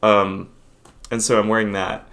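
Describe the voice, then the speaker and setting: A young man talks to camera in a low voice, rambling and hesitant as he picks his words. His tone stays self-deprecating in a loose, confessional vlog. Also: level tone, unhurried, creaky, a bit bright. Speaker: vlogger.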